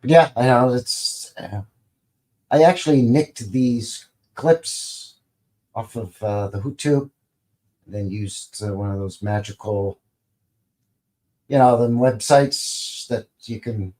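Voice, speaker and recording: A man's voice: mid-range voice, slow, a little mellow. A man hosting a live stream in a casual, rambling way, greeting viewers and reading their comments aloud with light jokes. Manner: jokey and informal, swears lightly. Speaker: livestream host.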